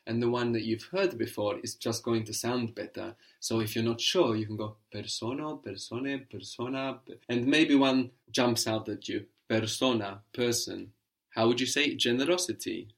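A man's voice: medium pitch, normal speed, creaky. A man teaching a guided language lesson, patient and encouraging, explaining each step and prompting his student.

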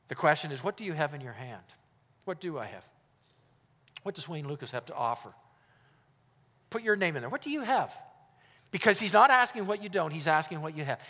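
Emphatic male pastor preaching in a reverberant hall. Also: on the high side. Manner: emphatic preaching that swings between loud and hushed. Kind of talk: sermon. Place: church hall. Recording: long reverb of a church hall.

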